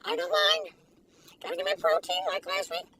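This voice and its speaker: Squeaky, excitable woman reviewing food. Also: normal speed, vocal fry. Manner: excitable, giggly, gushing. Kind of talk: casual taste-test vlog. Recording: distant mic with faint background noise.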